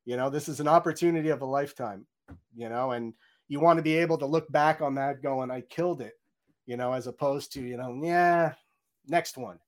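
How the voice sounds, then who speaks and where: A middle-aged man, a game audio director, chatting in an interview and acting out his own reactions in quoted lines. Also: medium pitch. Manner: fast, chatty, many "you know"s and restarts. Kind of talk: candid interview storytelling.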